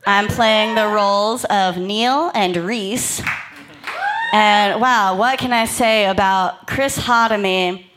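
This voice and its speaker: A woman's voice: medium pitch, slow, a bit bright, a faint crowd. A woman in the cast of a comedy table read, joking and teasing. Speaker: cast member.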